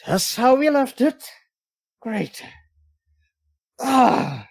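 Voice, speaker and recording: Sheepish two-timing rogue, high and resigned, a man putting him on in a tabletop game. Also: sing-song, extremely slow, gravelly, slightly rough, exaggerated voice.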